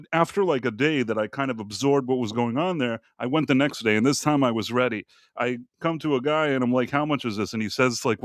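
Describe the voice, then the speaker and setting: A man's voice: fairly high pitch, no echo, studio quality. A man in casual podcast chat, telling a rambling story with many restarts. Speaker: co-host.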